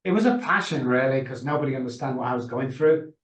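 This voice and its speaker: A man's voice: medium pitch, animated, fast talker. Middle-aged man, emphatic, passionate storytelling, video call, echoey room. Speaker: guest, addiction consultant. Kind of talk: emotional storytelling. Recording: roomy echo.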